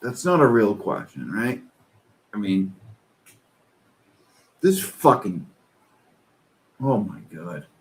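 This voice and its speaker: A man's voice: fairly low pitch, sing-song, slow, long pauses. A man reading posts aloud and commenting on them in a profane, exasperated rant.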